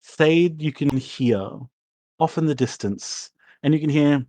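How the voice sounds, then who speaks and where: A man's voice: on the high side, unhurried, mellow, dry recording. A man narrating as game master in a loose, rambling way, swearing casually.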